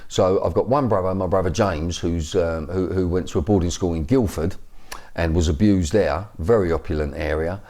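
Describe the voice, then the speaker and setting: Man, fifties, Cockney accent, low pitch, dark tone, rambling interview account. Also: normal speed. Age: 50s. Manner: rambling, many fillers and restarts. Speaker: interview guest.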